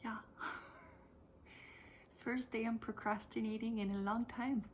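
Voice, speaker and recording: A woman vlogging casually from her home kitchen, chatty and emotional, sometimes dropping to a soft whisper. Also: a little high, steady tone, unhurried, a little hiss or hum. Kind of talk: casual home vlog chat.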